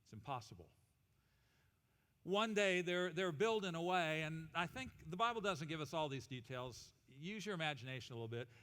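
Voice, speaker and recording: A male pastor preaching an animated, humorous sermon and leading the congregation in call-and-response. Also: a little high, moderate pace. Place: church auditorium. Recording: reverberant church hall.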